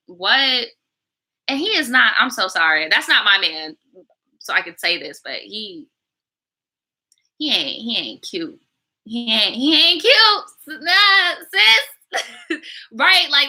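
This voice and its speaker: A woman's voice: medium pitch, sharp tone, poor audio. A woman hosting a storytime channel, reacting to a viewer's story in blunt, slangy, profane casual chat. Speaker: storytime YouTuber reading viewer stories.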